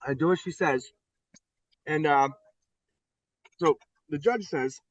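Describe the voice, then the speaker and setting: A man's voice: on the high side, slow pace, pauses often, no room sound. A middle-aged man from the United States recounts his story as an interview guest, blunt and profane, acting out the other people in it as he goes. The recording is dull and lo-fi, and dry with no room sound. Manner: blunt, profane, animated retelling. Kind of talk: candid storytelling.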